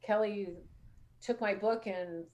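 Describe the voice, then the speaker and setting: A woman's voice: mid-range voice, steady tone, slow, darkish tone, dull audio. Chatty woman host telling stories. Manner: chatty storytelling, acts out quoted dialogue. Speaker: show host. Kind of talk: casual call-in show chat.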